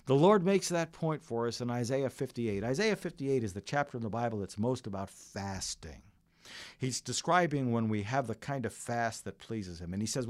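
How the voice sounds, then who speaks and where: A man's voice: medium pitch, a little mellow, no echo. A middle-aged man preaching a sermon as pastor, earnest and full of stories. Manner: earnest, storytelling preacher who varies his delivery.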